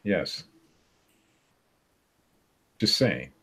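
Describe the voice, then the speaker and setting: A man's voice: sits low, sing-song, drawn-out words, a bit bright, slightly rough. A man in his forties co-hosting a casual podcast chat, arguing his point and laughing often. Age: 40s. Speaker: podcast co-host.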